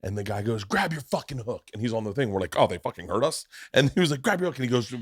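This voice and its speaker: A man hosting a podcast, telling a story in a loud, profane, animated way and acting out the voices in it. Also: medium pitch, fast talker, slightly rough, no echo, studio quality. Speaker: podcast host. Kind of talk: casual storytelling chat.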